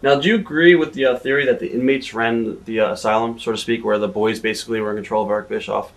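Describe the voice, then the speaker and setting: A woman's voice: very deep voice, fairly even intonation, fast talker. A woman interviewing a guest, asking casual questions and chiming in with short affirmations. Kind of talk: wrestling shoot interview.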